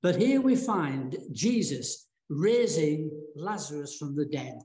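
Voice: mid-range voice, sing-song, takes it slowly, mellow. Chatty preacher in an echoey church. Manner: colloquial storytelling with frequent fillers and restarts. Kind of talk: sermon retelling a Bible story.

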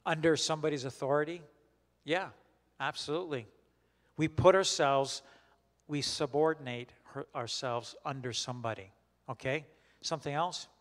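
Higher-voiced pastor in an echoing hall. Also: male voice, fairly bright tone. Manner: questions the group and repeats their answers; halting, with frequent restarts. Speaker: pastor leading a Bible study. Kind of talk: conversational Bible teaching.

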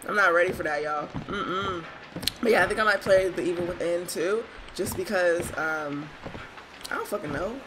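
A young woman giving casual, swear-filled commentary while playing a horror game and talking to her viewers, jumpy and quick to shriek. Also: on the low side, background noise. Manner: chatty, swears a lot, talks to viewers; jumpy, shrieks when startled. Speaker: gaming streamer.

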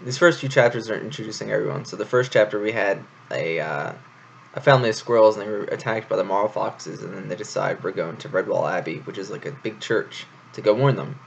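Gravelly man reading a story aloud. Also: lowish voice, a little fast, slight background noise. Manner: casual, rambling asides. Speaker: reader of a novel. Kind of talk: casual read-aloud storytelling. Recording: dull lo-fi home recording.

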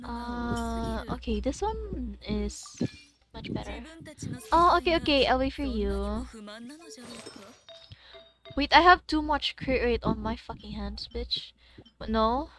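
A young woman, livestreaming a game in casual chat, excitable and cursing with sudden loud outbursts. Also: a little high, slow pace, pauses often. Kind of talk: casual gaming stream chat.

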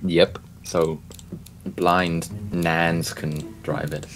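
A man's voice: deep voice, level tone, very slow, gravelly, a little hiss or hum. A man hosting a gaming video, chatting casually, joking and laughing often. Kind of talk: casual gameplay chat.

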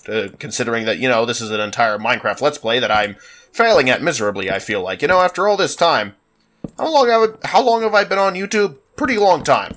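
A man's voice: medium pitch, a bit bright. A man with a congested, sinus-stuffed voice giving rambling, self-mocking let's play commentary at a desktop microphone. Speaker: gaming YouTuber.

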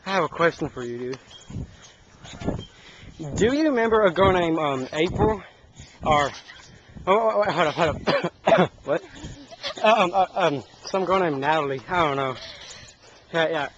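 A man's voice: on the high side, lively intonation, unhurried, pauses often. A young man filming at home outdoors, teasing his friends and chatting loosely on a call, saying "dude" a lot. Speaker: person filming a home video. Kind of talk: casual home-video chatter. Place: backyard with a trampoline, outdoors. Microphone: handheld camcorder mic. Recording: muffled camcorder audio with background noise.

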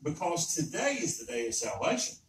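A man's voice: fairly high pitch, wildly swooping pitch, fairly quick, a little hiss or hum. A man preaching an earnest, emphatic sermon in a church, often repeating his points. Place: church sanctuary. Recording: roomy echo, speaker far from mic.

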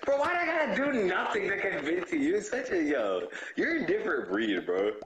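A man's voice: high voice, huge pitch swings, brisk, fairly bright tone. A young man chatting casually while gaming, playful and teasing, laughing often. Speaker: gamer. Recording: echoey room with noise.

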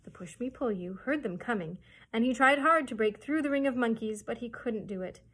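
A woman librarian reading a chapter book aloud to children with expressive storytelling. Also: fairly high pitch, brisk, husky.

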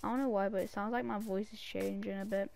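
A male gaming creator giving casual gameplay commentary from a desk mic, chatty, with sudden excited shouts at an in-game cat. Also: high voice, quick pace, creaky, a little hiss or hum.

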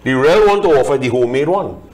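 Pandit explaining scripture. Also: male voice, medium pitch, lively intonation, very fast, a little mellow. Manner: explanatory, chants verses then translates line by line. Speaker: Hindu pandit discussing scripture. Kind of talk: religious discussion, reciting Sanskrit verses.

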